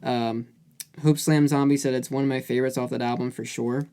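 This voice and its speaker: A man co-hosting a music podcast in relaxed chat. He rambles, piles on fillers and restarts his sentences, and he speaks at an ordinary middle pitch. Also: a little fast, clean tone. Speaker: podcast co-host.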